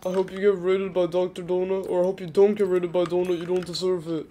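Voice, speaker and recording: A woman's voice: lowish voice, little pitch movement, fast talker, warm tone. A woman hosting a casual gaming livestream, stuffed up from a cold, talking in slangy, joking rambles. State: congested from a cold. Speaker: livestream host.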